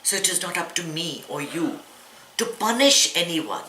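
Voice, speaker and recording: Low bright-voiced woman teaching in echoey room. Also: very animated, moderate pace, slight background noise. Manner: earnest, teaching with rhetorical questions and mock quotes. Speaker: meditation teacher. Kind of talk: spiritual talk to a live audience. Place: hall of a live talk. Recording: echoey room with faint ambience.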